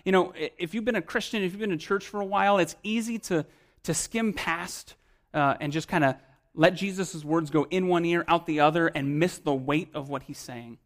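A pastor delivering a sermon to his congregation, his voice sitting a little higher than most men's. He talks in a relaxed, everyday way, full of casual turns of phrase, then leans into key points with force before dropping back down to near-hushed remarks. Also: normal speed. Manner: conversational preaching with emphatic swells and quiet drops.

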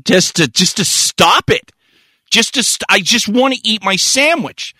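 A man co-hosting a podcast, telling a profane, animated story in casual chat. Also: high voice, unhurried, no room sound. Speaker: podcast co-host.

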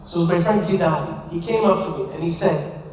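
A man's voice: fairly high pitch, fast talker, background noise. A man, a rabbi, telling an emphatic, impassioned story to a live audience. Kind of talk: storytelling speech. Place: large hall. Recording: echoey hall from far off.

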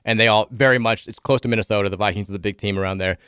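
A man in his thirties with a Kentucky accent, hosting a casual sports radio talk show, chatty and quick with frequent restarts. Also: lowish voice, steady tone, a bit bright, clear, resonant tone, dry recording, studio quality.

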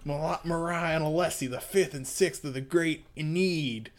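A man's voice: fairly high pitch, normal speed, pitched above the performer's own voice, lightly acted. A man voicing a nervous, cocky cowboy gunman with a drawling twang while reading a comic aloud. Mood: grumbling.

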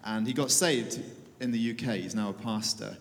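A man's voice: on the low side, normal speed, gravelly, long reverb tail. A man, a church leader, giving an informal talk to an audience, conversational and hesitant with fillers and dry humor.

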